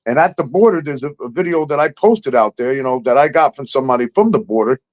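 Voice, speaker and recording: A man's voice: medium pitch, expressive, fast talker, low-quality recording. A man hosting a casual talk show, ranting heatedly and swearing a lot. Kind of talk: casual profane chat.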